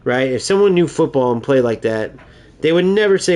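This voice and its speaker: A man's voice: medium pitch, expressive, brisk, darkish tone. Exasperated man ranting about a game. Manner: exasperated, mocking rant. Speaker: gaming YouTuber. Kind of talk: ranting gameplay commentary.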